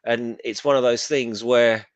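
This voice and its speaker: A man's voice: medium pitch, measured pace, clear, resonant tone, dry recording, muffled recording. Blunt english guy ranting about a show. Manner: blunt, animated, acts out lines in silly voices. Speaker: co-host. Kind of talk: casual pop culture chat.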